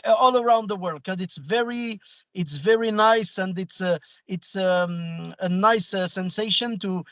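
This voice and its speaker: A man with a French accent, a podcast host speaking English as a second language, halting and searching for words with many fillers. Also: high-pitched, a bit bright, no room sound. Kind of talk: casual interview chat.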